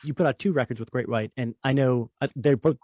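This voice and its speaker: A man's voice: mid-range voice, quick pace, darkish tone, slight background noise. A man hosting an interview, rambling a little and restarting phrases as he asks his questions. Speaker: podcast host.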